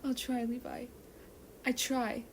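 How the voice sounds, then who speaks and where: A woman voicing an anxious, caring female medic in a fan fiction reading, speaking in a worried, hushed and breathy way. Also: fairly high pitch, flat delivery, slow, a little hiss or hum, pitched above the performer's own voice. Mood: tearful. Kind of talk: fan fiction read aloud.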